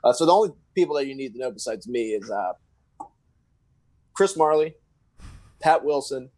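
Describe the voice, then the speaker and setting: A man's voice: mid-range voice, animated, moderate pace, darkish tone, dry recording. A young man, a guest on a podcast, telling a story in a rambling, casual way. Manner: rambling, full of fillers and restarts.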